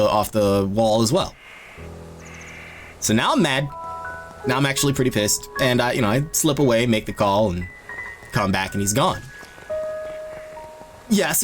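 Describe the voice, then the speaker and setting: A man streaming a game while telling casual stories in an animated, exasperated way. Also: mid-range voice. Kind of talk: casual storytelling while gaming.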